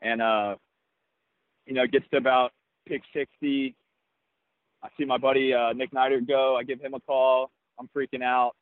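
A young adult man, a baseball player, telling a personal story in an interview in an earnest, reflective way with halting restarts. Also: mid-range voice, little pitch movement, no room sound. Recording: tinny phone-like, dry sound.

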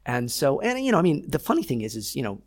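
A man, an actor being interviewed, telling lively behind-the-scenes stories and acting out what people said. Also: mid-range voice, fast. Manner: animated storyteller, acts out quotes. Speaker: actor guest. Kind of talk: casual interview chat.

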